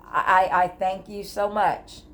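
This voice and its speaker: A woman's voice: medium pitch, flat delivery, unhurried, fairly bright tone. Candid, rambling woman vlogging from home. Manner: candid, emotional, rambling with restarts. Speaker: grief vlogger. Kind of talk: candid personal vlog. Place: at home, indoors. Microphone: device camera.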